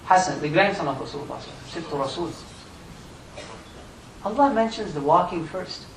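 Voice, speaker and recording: A fairly high-voiced man delivers an impassioned sermon, his voice surging up on key points. He is picked up from a distance in a reverberant prayer hall. A faint rumble sits under the sound. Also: lively intonation, normal speed, creaky. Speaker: imam giving Friday sermon. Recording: echoey room miked from a distance.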